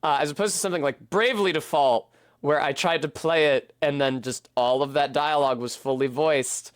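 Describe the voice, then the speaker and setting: A man with a somewhat high voice thinks aloud while he plays a game on stream. His talk rambles and turns self-deprecating, with the odd swear. The recording is close and dry. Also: fairly quick, clear, resonant tone, dry recording. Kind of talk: casual commentary while playing.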